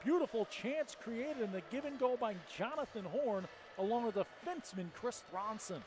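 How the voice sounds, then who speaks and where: Play-by-play man for college hockey, high pitched, over steady background noise. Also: moderate pace. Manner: joking banter between calls. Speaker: play-by-play commentator.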